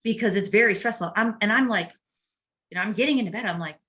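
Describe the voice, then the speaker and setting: A woman's voice: mid-range voice, quick pace, a bit bright. A middle-aged woman hosting a podcast, telling family stories in a chatty, casual way with laughs. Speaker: podcast host. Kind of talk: casual chat.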